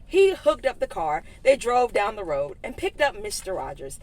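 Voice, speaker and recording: Animated woman reading stories to kids. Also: medium pitch, normal speed. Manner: animated, giggly asides to kids. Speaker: children's story reader. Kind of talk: read-aloud story time for kids.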